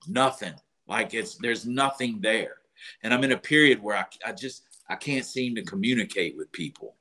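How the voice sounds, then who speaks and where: Low, bright-toned man sharing candidly. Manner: halting and candid, with repeated false starts. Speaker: podcast guest.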